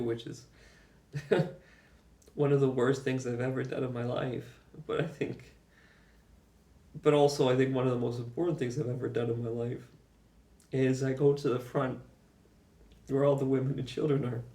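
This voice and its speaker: Gravelly man telling a travel story. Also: mid-range voice, mellow. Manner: rambling, emphatic, swears, chuckles often. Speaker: vlogger recounting his own journey. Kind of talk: casual first-person storytelling. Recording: roomy echo, mic far off.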